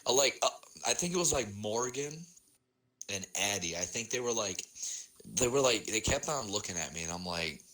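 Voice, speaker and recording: A young man with a Midwestern American accent rambles through a laid-back podcast chat and laughs easily. His voice sits a little low but sounds bright and forward. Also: expressive, normal speed, low-quality recording. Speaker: podcast co-host. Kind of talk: casual chat.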